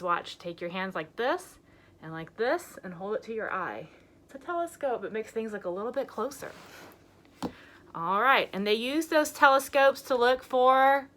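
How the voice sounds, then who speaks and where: A young woman leads a lesson for small children, her voice bright and sitting slightly high. She talks slowly and clearly, stretching key words and praising every answer. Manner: animated, encouraging, slow and clear. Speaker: preschool teacher.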